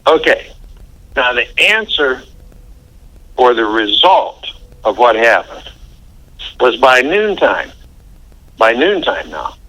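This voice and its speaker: A man's voice: medium pitch, very animated, takes it slowly, pauses often, sharp tone, low-quality recording. An older man telling a story in an interview, chatty and folksy, chuckling as he recounts. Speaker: interview guest.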